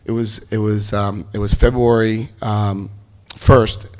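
Animated man in his fifties telling his story. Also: slow pace. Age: 50s. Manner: animated storyteller, jokes and acts out quotes in a high voice. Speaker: speaker at a recovery meeting. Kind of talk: personal testimony to an audience.

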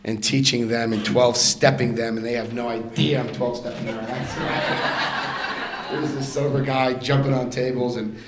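An older man giving a personal recovery testimony to a group, an animated storyteller who laughs often and acts out the voices in his story. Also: mid-range voice, unhurried, heavy background noise. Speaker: recovery meeting speaker.

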